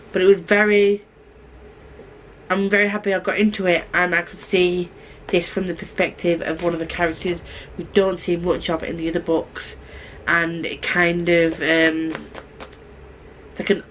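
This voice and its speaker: A woman talking quickly and chattily as a book vlogger, gushing in a casual review with asides and restarts. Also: fairly low pitch, a little hiss or hum, poor audio.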